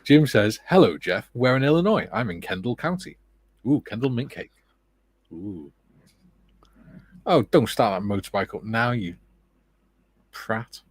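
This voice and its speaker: A man with a British accent hosting a relaxed livestream, reading viewer comments aloud and chatting casually with joking asides. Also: medium pitch, a little slow, pauses often, slightly rough, no echo. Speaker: livestream host.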